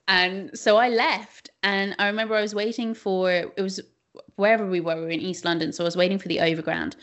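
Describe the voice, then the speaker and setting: A young woman co-hosting a podcast, telling stories in a chatty, animated way with many fillers. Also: medium pitch, brisk. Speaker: podcast co-host. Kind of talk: casual chat.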